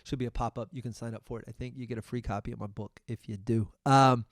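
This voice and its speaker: A middle-aged man, hosting his podcast and telling a story in a casual, profane, animated way. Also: mid-range voice, quick pace, no room sound, clean studio sound. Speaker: podcast host.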